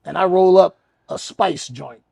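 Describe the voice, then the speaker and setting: A man's voice: sits high, a little slow, gravelly, mellow. A man co-hosting a podcast, telling a story in a loose, laid-back, profane way. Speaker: podcast co-host. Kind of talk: casual storytelling chat.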